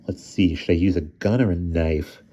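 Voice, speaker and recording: A man reading a children's novel aloud, narrating and acting out the boys' dialogue in raised, excited voices. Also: low voice, normal speed, husky. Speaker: audiobook reader. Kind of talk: storybook narration. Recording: dull lo-fi recording.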